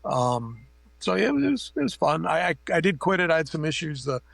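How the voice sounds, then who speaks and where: A middle-aged man with a gravelly, fairly high voice tells long, rambling stories packed with fillers and casual swearing. He speaks as a guest over a remote call, and the sound is dry and close. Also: sing-song, fairly quick, no room sound. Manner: rambling, anecdotal, profane, many fillers. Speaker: makeup effects artist guest. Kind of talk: casual interview storytelling.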